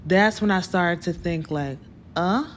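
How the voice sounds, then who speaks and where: A woman hosting her own show, telling a personal story in an animated way and calling her listeners y'all. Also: fairly low pitch, a little slow, slight background noise.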